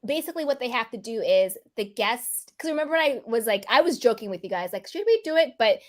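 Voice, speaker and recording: Lively woman host chatting about reality TV. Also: a little high, quick pace. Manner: animated, quotes herself in playful voices. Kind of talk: casual chat about reality TV.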